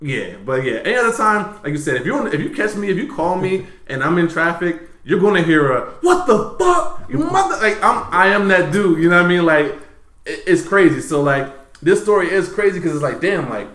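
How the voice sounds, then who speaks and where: A man hosting a podcast, telling a story in casual, profane talk that swings between loud bursts and low mutters. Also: lively intonation, a little fast, echoey room. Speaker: podcast host.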